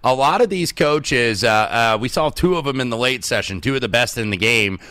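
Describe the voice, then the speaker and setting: A man's voice: mid-range voice, a little fast, bright, forceful tone, no echo. A man co-hosting a sports betting show, giving confident analysis of coaches and games.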